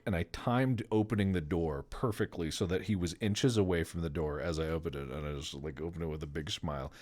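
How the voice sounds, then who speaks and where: A man chatting on a stream, telling animated stories and mimicking the people in them. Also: low-pitched. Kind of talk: casual chat on a sleepy stream.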